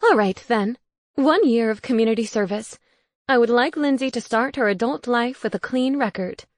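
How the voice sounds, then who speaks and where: A woman voices a firm female judge delivering a ruling in a decisive mood, pitching herself above her own natural voice while staying close to everyday speech. She speaks at normal speed, and the studio-quality recording has no echo.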